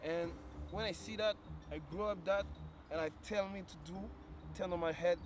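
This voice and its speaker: A man's voice: high-pitched, moderate pace, over music. Whiny slangy young man. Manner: slangy and whiny, says "bro" constantly; mixes in French words. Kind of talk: joking complaining vlog.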